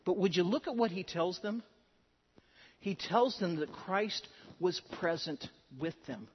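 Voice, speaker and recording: A man's voice: sits high, unhurried, slightly rough. A man preaching a sermon in an earnest way, with strong emphasis at times. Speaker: pastor. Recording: dull sound with long hall reverb.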